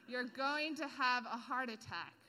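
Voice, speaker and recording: A blunt doctor giving a casual warning, as a woman preacher puts him on. The voice is high, bright and straightforward. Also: takes it slowly, heavily acted.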